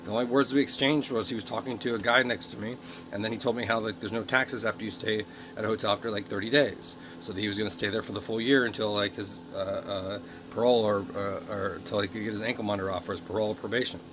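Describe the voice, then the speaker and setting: A man's voice: on the low side, steady tone, quick pace, background noise. A man speaking a rambling, emotional video diary monologue, swearing often. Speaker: video diarist.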